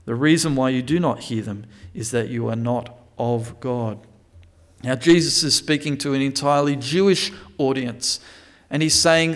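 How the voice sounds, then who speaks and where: A pastor with a medium-pitched voice preaches a sermon at a moderate pace. He reads scripture aloud and explains it, often restarting and correcting himself.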